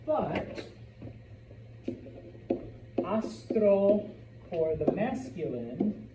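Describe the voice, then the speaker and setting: A man's voice: fairly high pitch, noisy background. A man teaching a Spanish vocabulary lesson to a class, chatty, with joking asides and frequent "okay?" check-ins.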